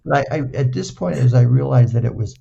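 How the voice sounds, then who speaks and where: A man's voice: mid-range voice, expressive, fast talker, creaky, dark tone, muffled recording, a little hiss or hum. An older man recovering from a stroke tells playful anecdotes, repeating words and acting out the dialogue. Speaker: guest. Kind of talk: casual anecdotal storytelling.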